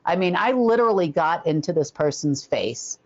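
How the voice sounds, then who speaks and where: Woman, casual rambling storyteller, lots of ums, fond of acting out voices; lowish pitch, dull lo-fi recording. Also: normal speed. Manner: rambling, filler-heavy, slips into animated impressions.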